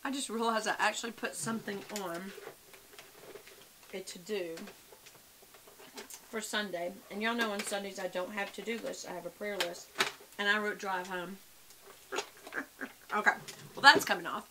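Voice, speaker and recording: A woman's voice: mid-range voice, fairly even intonation, normal speed, long pauses, noisy background. A woman, chatting casually and rambling to her viewers at home, calling them y'all. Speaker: vlogger. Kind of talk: casual chat to camera.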